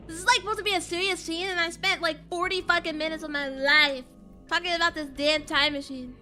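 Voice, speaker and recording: A woman's voice: very high-pitched, steady tone, fairly quick, music in the background. A woman streaming a game, chatting casually in a rambling, self-mocking way and laughing often.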